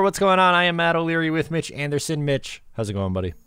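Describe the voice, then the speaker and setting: A man hosting a casual sports podcast, relaxed and conversational, laughing easily. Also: on the high side, fast talker, hardly any pauses, faint music behind. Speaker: podcast host.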